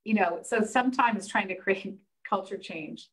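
A woman hosting a casual discussion, telling an animated story and acting out the dialogue. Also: medium pitch, unhurried, low-quality recording. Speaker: host. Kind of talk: casual chat.

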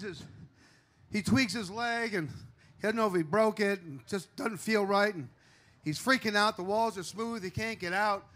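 A man's voice: high voice, fairly bright tone. A man telling a joke and a heartfelt tribute on a live bar stage into a handheld mic. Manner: storytelling, plainspoken, heartfelt. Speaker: car salesman.

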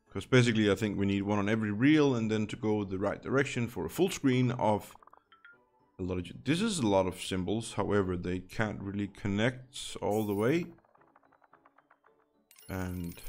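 A man giving casual, chatty commentary while playing a slot game, thinking aloud and dropping wry asides. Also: fairly low pitch.

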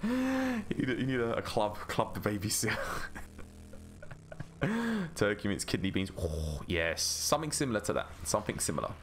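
A man's voice: lowish voice, very animated, brisk, few pauses, slight background noise. A man hosting a gaming channel, chatting through gameplay in a rambling, self-mocking way. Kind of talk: casual gameplay commentary.

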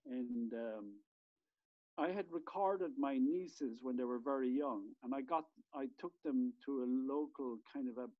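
A man's voice: mid-range voice, no echo, dull audio. A man, a podcast guest telling a rambling, profane story in casual chat. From Ireland. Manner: rambling, swears freely, many restarts.

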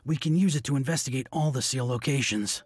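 An actor playing a calm, analytical adult male ninja advisor in a game cutscene, husky and explanatory. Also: mid-range voice, fast talker, dry recording, studio quality, lightly acted. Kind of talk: video game cutscene dub.

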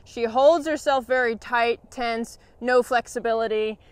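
A woman horse trainer explaining a training session in a calm, encouraging way, often praising her horse. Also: a little high, a little slow, clean tone, dry recording.

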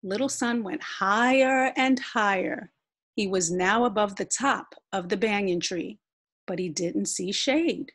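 Slow breathy woman reading a picture book. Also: mid-range voice, a bit bright. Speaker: storyteller. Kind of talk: children's picture book read-aloud.

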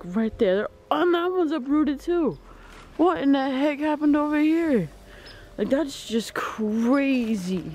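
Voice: high-pitched, a little mellow, a little hiss or hum. A vlogger walking through woods with a handheld camera, exclaiming and calling to pets. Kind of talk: casual outdoor walking vlog. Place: outdoors in woods.

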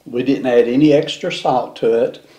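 A man chatting casually with his co-host during a home cooking taste test, relaxed and homey with easy fillers. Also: mid-range voice, moderate pace, roomy sound, muffled recording.

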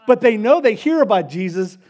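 A man preaching a casual, story-driven sermon, acting out the characters in quick voices. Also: high voice, sing-song, darkish tone. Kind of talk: conversational sermon.

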